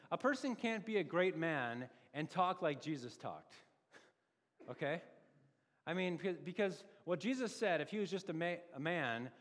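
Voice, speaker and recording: A man preaching a sermon as pastor, conversational and animated, full of rhetorical questions. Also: fairly high pitch, long reverb tail.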